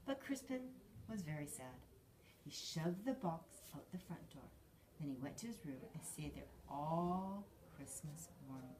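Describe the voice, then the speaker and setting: A woman's voice: low voice, unhurried, a little hiss or hum. A woman reading a children's story aloud, acting out each character as she goes. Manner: lively, acts out each character. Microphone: filmed on a handheld camera.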